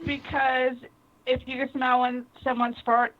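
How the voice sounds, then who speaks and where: High-voiced woman tossing out quick quips. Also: little pitch movement, muffled recording. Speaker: co-host. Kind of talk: casual live-stream chat.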